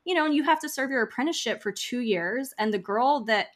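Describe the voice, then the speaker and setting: A woman guest on a podcast, telling stories in a chatty, animated way with frequent "like" fillers. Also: on the high side, fast talker. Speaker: podcast guest, funeral home founder. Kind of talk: casual interview storytelling.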